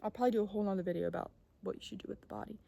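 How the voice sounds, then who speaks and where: Talking to camera in a casual motivational style, this young woman has a medium-pitched, gravelly, warm voice that races along in a steady tone. Her self-help advice is emphatic and full of swearing, with occasional whispers and frequent "okay?" check-ins.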